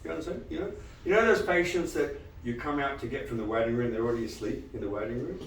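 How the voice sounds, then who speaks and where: A man giving a live lecture to dentists, animated and quizzing the audience with frequent questions. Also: medium pitch, quick pace, roomy sound, distant mic, a little hiss or hum, low-quality recording. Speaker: dental lecturer.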